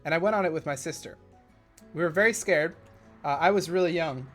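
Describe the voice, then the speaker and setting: This man is live-streaming a park-building game, talking loosely, drifting into tangents as he works, and breaking into sudden excited outbursts. His pitch is fairly high and he talks fairly quickly over faint background music.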